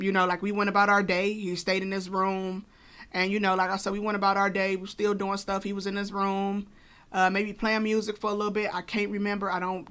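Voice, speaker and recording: A woman's voice: medium pitch, a bit bright, clean tone. A woman co-hosting a podcast, telling a personal story casually with many fillers and asides. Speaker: podcast co-host.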